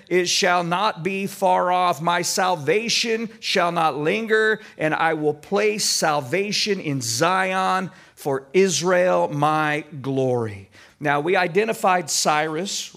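Midwestern male pastor, raised voice, unhurried expository sermon with casual asides. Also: high-pitched, a bit bright. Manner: deliberate preaching, slows to stress scripture quotes; conversational asides to congregation.

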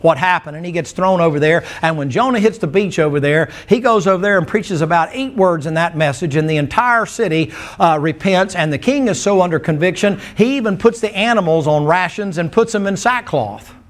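A man preaching a sermon, telling Bible stories in a folksy, animated way and acting out the characters' words. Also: high-pitched, fairly quick, few pauses. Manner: folksy, animated storytelling with acted quotes.

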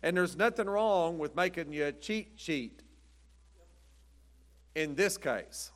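A man's voice: a little high, expressive, takes it slowly, fairly bright tone. A man preaching a sermon in a folksy, rambling storytelling way, chuckling often. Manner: rambling, chuckling, says "but anyway" often.

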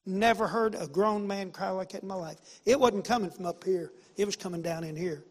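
A pastor telling a story in a sermon, folksy and emphatic, repeating phrases and swinging from loud to hushed. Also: male voice, high voice, brisk, big-room sound.

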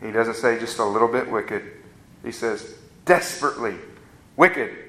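A man preaching a sermon as a pastor, with rising emphatic peaks and slow, drawn-out stresses on key words. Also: medium pitch, a bit bright, echoey room, low-quality recording.

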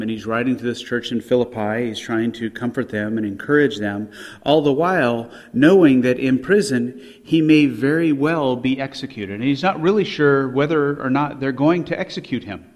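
A man preaching a sermon with emphasis, his voice rising on quoted scripture, with fillers and restarts between points. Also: medium pitch. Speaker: pastor. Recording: long hall reverb.

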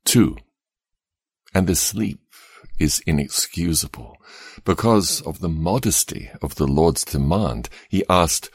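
Very deep, slow, husky man reading devotionals. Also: lively intonation, dry recording, studio quality. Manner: measured, earnest, emphatic. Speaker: devotional reader.

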